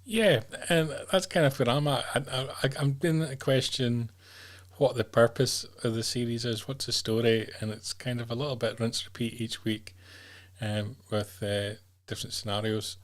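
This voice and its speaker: A man's voice: mid-range voice, fairly even intonation, normal speed. Easygoing man hosting a news chat. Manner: easygoing, hesitant with ums and repeats. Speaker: podcast host. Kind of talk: casual news show chat.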